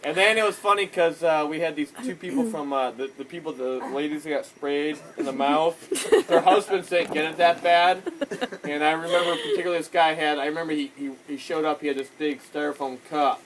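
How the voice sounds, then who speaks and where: A man telling a funny anecdote to friends in casual chat, animated and laughing through his words. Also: a little high, brisk, background noise. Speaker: storyteller. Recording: loud crowd chatter behind.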